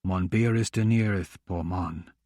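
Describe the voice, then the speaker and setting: Man voicing a rumbling giant beast. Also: a little mellow, dry recording, clean studio sound. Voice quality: rumbling, thunderous. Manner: slow, drawn-out speech in an old tongue. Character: huge magical male beast, rumbling and slow. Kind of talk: audiobook character voice.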